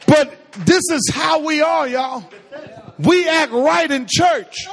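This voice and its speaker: In an echoey hall with long reverb, a man delivers a sermon from a church sanctuary, leaning on call-and-response and repeated phrases to drive points home. He talks slowly in a very high, slightly bright voice.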